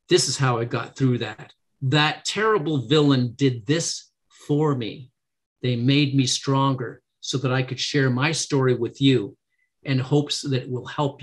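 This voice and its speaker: A middle-aged man speaks as a podcast guest, earnest and encouraging, with a voice of ordinary pitch. He slips into a lifted tone when he acts out what people say. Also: measured pace, slightly rough. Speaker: podcast guest, negotiation trainer. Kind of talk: casual interview.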